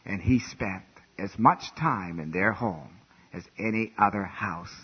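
A male preacher delivering a revival sermon, swinging from hushed, quiet lines to loud, fervent outbursts. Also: on the low side, a little slow, husky. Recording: dull lo-fi recording.

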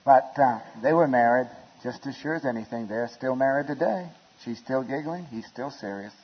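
A man preaching a sermon in a church, telling wedding stories with chuckles and building to shouted appeals. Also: mid-range voice, moderate pace, a little hiss or hum. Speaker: pastor. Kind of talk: storytelling sermon. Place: church sanctuary. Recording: lo-fi recording with long hall reverb.

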